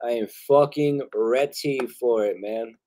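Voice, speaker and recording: A man hosting a live music review stream, talking loud and loose with heavy slang and swearing, laughing often. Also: mid-range voice, unhurried, slight background noise. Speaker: host reviewing submitted music. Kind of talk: casual live-stream chat.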